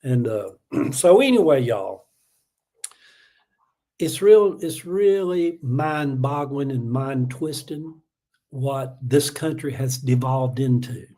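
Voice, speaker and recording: A dark-toned, mid-range male voice, animated yet slow. The speaker, a Southern-accented middle-aged livestream host from Atlanta, USA, rambles through a heated, casual political rant, peppered with fillers and chuckles.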